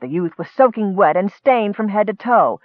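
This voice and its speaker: A man narrating a comic fantasy story in a lively storytelling manner. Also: high-pitched, normal speed, no room sound, phone-quality sound. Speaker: audiobook narrator. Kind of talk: scripted narration.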